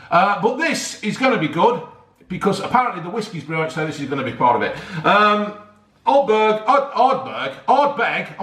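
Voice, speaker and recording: A man's voice: a little high, a bit bright. Rambling man, roomy sound. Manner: chatty and rambling, stumbles over hard words, calls viewers "folks". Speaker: YouTuber reviewing a beer. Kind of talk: casual rambling chat to viewers. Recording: roomy echo.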